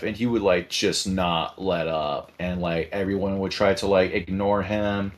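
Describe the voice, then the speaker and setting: A man telling a story in casual podcast chat, animated and profane, acting out the people he quotes. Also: low voice, unhurried. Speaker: podcast host.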